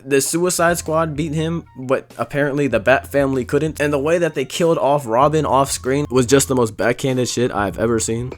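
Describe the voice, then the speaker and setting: A man's voice: mid-range voice, moderate pace, hardly any pauses, over music. A man giving casual, sarcastic and blunt commentary on a video game, sounding exasperated and swearing freely.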